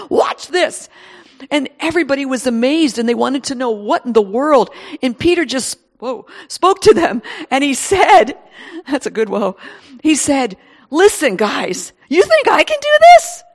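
Woman preacher, high voice, animated sermon delivery with exclamations and acted-out voices.

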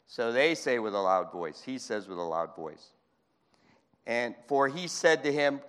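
A man preaching a fervent sermon in a church, moving between shouting and hushed speech. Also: medium pitch, expressive, unhurried, clean tone. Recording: long hall reverb.

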